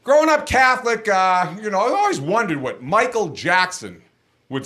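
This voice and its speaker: Guy doing standup, high voice that jumps around, deadpan setups then the punchline. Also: normal speed. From Boston area, Massachusetts. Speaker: stand-up comedian. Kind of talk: stand-up routine.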